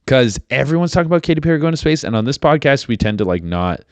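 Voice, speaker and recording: A man's voice: medium pitch, very animated, quick pace, no echo. A young man hosting a podcast alone, rambling casually with lots of swearing and filler words. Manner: rambling, profane, many fillers. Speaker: podcast host. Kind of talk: casual solo podcast chat.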